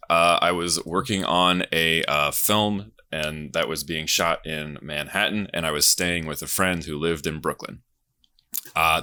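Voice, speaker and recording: A man in his thirties with a low, bright voice tells a long anecdote in a casual, rambling way. He restarts often and piles on fillers as a contestant on a game show. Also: clean tone. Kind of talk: casual storytelling.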